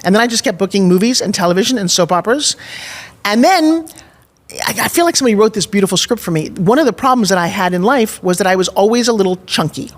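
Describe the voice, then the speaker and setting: A woman in her sixties from New York, with a New York accent, telling animated, expressive stories as an interview guest. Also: medium pitch, fast. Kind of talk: storytelling in an interview.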